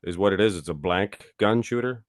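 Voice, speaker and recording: A man in a casual podcast chat who repeats phrases and lets his sentences trail off quietly. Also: lowish voice, fairly quick, a crowd in the background.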